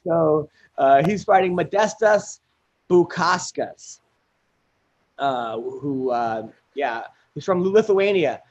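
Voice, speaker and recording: A man's voice: fairly high pitch, lively intonation, slow. A man hosting a podcast, casually running through upcoming fights with lots of fillers. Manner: rambling fight rundown with fillers. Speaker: podcast host.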